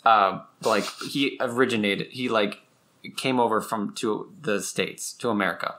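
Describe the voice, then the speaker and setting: A man with a slight Massachusetts accent co-hosting a comedy podcast from a home couch, talking haltingly and repeating words for laughs. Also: lowish voice, steady tone, sharp tone. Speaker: podcast co-host. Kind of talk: casual comedic chat. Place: living-room couch at home.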